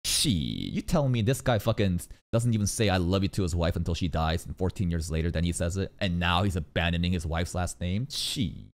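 A man streaming an anime reaction, excitable and swearing freely, firing off exclamations and rhetorical questions. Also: low voice, fairly quick, hardly any pauses. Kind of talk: live reaction commentary.

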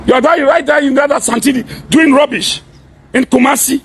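A man, a pastor giving an impassioned warning address, forceful and repeatedly shouting and demanding that his listener hear him. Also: extremely high pitch, a little fast, a little hiss or hum.

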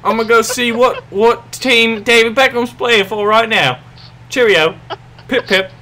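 A man's voice: very high-pitched, unhurried, sharp tone, a little hiss or hum, pitched above the performer's own voice, full character voice. A man voicing a bumbling WWII bomber pilot in a mock British accent, with rousing speeches and broken grammar. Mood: chatty. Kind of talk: gaming commentary.

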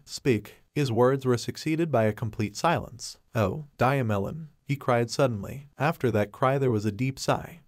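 A man's text-to-speech voice giving a steady, even audiobook narration. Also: mid-range voice, no room sound, studio quality. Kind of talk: scripted narration.

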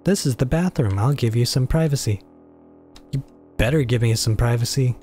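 A man's voice: medium pitch, normal speed, warm tone, faint music behind. A young man commentating a game as a let's play, joking and swearing in mock horror as he reads the game's text aloud. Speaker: gaming YouTuber.

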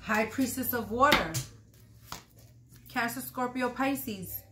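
A woman's voice: a little high, takes it slowly, music in the background. A woman doing a casual tarot reading, blunt and profane, repeating her points. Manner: acts out quoted lines loudly. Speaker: tarot reader.

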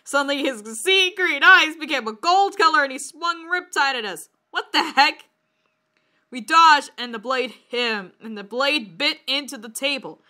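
A woman reading a bad story aloud in a mock-dramatic way, breaking into high laughing shrieks and comments. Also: a little slow, sharp tone. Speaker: reader of bad fan fiction.

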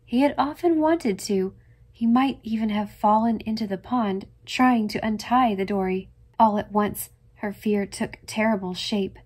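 A woman narrating a classic novel in a measured, expressive audiobook reading. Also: medium pitch, slightly rough.

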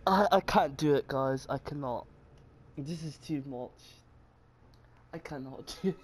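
A man's voice: fairly high pitch, measured pace, breathy edge. A man, panicking and swearing through a horror game let's play while talking to his viewers. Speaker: gamer. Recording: loud game noise behind the voice.

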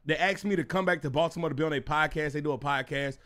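A young man with a Texas accent telling a casual story as a streamer, laughing often and dropping into a deep voice to quote other people. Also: fast, fairly bright tone. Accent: Houston, Texas.

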